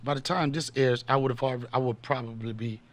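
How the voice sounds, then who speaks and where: A man's voice: mid-range voice, steady tone, quick pace. A man in his fifties hosting a podcast, telling loose, slangy, joking stories in a casual chat. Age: 50s. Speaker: podcast host and comedian.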